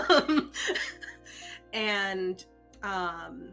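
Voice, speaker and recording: A woman playing a tabletop role-playing game, lively and quick to laugh. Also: mid-range voice, creaky. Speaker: player. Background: faint background music.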